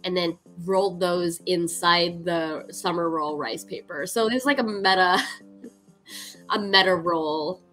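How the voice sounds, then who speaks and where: A woman's voice: fairly low pitch, slow pace, fairly bright tone, soft background music, poor audio. A woman hosting a cooking livestream, chatting casually and upbeat with her viewers, laughing often and using lots of "like". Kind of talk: casual chat to stream viewers.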